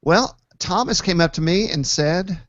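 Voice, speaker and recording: Joking man, slightly high voice. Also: measured pace, no echo. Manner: joking, rambling, many fillers. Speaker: podcast host. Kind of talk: casual chat. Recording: dull lo-fi dry recording.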